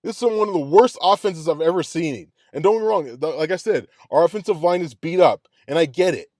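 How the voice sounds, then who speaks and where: A man's voice: fairly high pitch, fairly quick, darkish tone, dry recording, clean studio sound. A man hosting a sports reaction show, ranting in a heated, profane way and repeating his complaints. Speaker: sports podcast host. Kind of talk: angry sports reaction rant.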